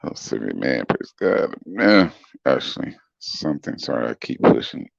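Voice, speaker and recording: A middle-aged man's deep, smooth voice, edged with gravel, has a sing-song lilt and a measured pace as he reads chat comments on a casual livestream. Easygoing and chuckling, he welcomes commenters by name. The sound is dull and lo-fi, dry and close-miked.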